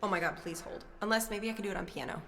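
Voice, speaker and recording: A young woman music streamer chatting casually from home at night, flustered and excitable. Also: mid-range voice, rapid-fire, vocal fry, background noise. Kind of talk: casual live-stream chat.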